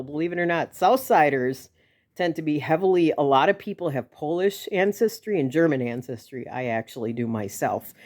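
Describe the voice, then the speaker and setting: A woman from Milwaukee with a Milwaukee accent, chatting casually to camera in a chatty, enthusiastic way with fillers and laughs. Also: low-pitched. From Milwaukee, Wisconsin. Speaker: vlogger.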